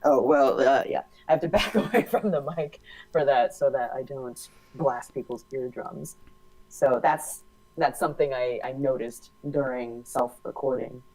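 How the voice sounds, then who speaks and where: A woman co-hosting a casual podcast chat, animated and quick to laugh, with a slightly hollow timbre, talking into a studio mic. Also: extremely low pitch, low-quality recording. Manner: animated talk with a big laugh. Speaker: podcast co-host.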